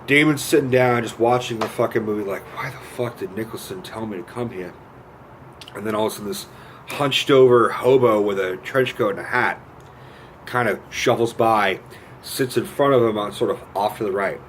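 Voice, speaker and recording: Profane, animated man ranting about films. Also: lowish voice, normal speed, a little hiss or hum. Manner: profane, animated, retells scenes with quoted voices. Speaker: movie reviewer. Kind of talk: casual film rant.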